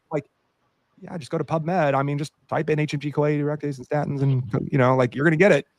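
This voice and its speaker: A man co-hosting a podcast, a doctor telling an animated story in casual chat with many fillers. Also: a little high, quick pace, no room sound.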